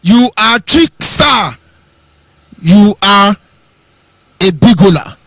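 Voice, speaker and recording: A man's voice: sits high, expressive, takes it slowly, creaky, bright, forceful tone, no room sound. A Nigerian man giving an impassioned political monologue, rhetorical and mocking in tone. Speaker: political commentator.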